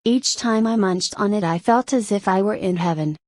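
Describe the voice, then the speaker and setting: A woman's voice: medium pitch, normal speed, a little mellow, no echo, studio quality. A woman narrating a light novel audiobook in the first person, with plain storytelling. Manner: plain storytelling with brief voiced exclamations.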